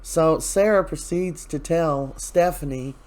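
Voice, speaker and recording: A man's voice: on the high side, slow pace, a little mellow. A man hosting a casual soap opera recap, chatty and opinionated, retelling scenes with loose asides.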